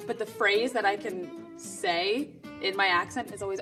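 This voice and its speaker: A woman's voice: mid-range voice, big pitch swings, normal speed, creaky. Woman, played clip, casual describing, guitar music. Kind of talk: interview clip on regional accents.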